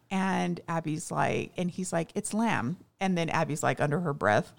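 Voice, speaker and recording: Lower-voiced woman, halting casual storytelling. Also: creaky. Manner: hesitant storytelling with many fillers, acting out quotes. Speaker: podcast co-host. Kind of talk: casual chat recapping a TV movie.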